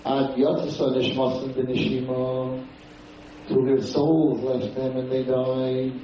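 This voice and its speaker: A man's voice: mid-range voice, level tone, takes it slowly, a little hiss or hum. A man giving a lecture on liturgy. He tells the story dramatically with quoted speech and chants some lines. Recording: very echoey room, distant mic, dull lo-fi sound.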